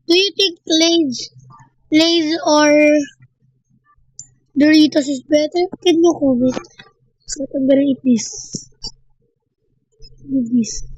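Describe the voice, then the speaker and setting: High-voiced playful woman streamer. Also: no echo. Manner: chatty, talks to viewers as "guys". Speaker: gameplay streamer. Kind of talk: casual gameplay commentary. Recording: dull lo-fi sound.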